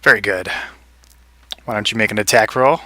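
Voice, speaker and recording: Man game master, easygoing, filler-heavy, very bright tone, dry close sound. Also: lowish voice, moderate pace, no room sound. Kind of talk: narrating a tabletop game.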